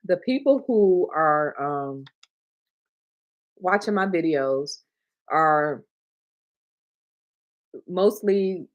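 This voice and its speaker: A woman's voice: fairly low pitch, dull audio. A middle-aged woman from Michigan chatting casually on a livestream, talking to her viewers and laughing often. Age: 30s to 40s. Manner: chatty, warm, talks to chat, laughs often, gets emotional. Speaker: livestream host, notary signing agent trainer.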